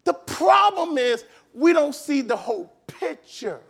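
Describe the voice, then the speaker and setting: A male pastor with an unusually high voice delivers a sermon in a church, shouting and hammering his points with repeated phrases. His tone is gravelly and he takes his time, drawing words out slowly. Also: big pitch swings. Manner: shouting, emphatic preaching with repetitions.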